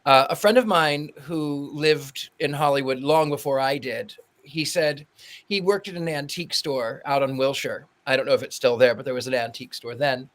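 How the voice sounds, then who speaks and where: A man's voice: medium pitch, normal speed. A man co-hosting a podcast, telling a casual story and acting out the quotes. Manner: animated storyteller, acts out quotes. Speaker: podcast co-host. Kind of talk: casual chat.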